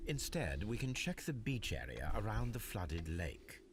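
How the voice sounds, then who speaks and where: A composed detective from a mystery video game. He speaks in a measured, matter-of-fact way, with a lowish voice that rises and falls expressively. A faint hiss and soft ambience sit under the game audio. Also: big pitch swings. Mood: calm.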